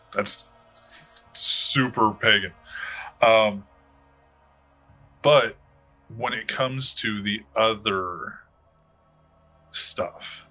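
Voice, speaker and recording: A man's voice: on the low side, pushed and bright. A man running a tabletop game as game master, rambling with many fillers and restarts. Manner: rambling, hesitant, full of fillers.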